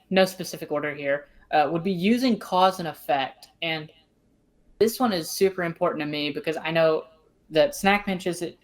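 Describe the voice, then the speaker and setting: A woman with a Southern US accent and a low, deep voice hosts a relaxed podcast conversation. She talks in a chatty, easygoing way, with stories and asides. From American South. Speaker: host. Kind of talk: casual podcast chat.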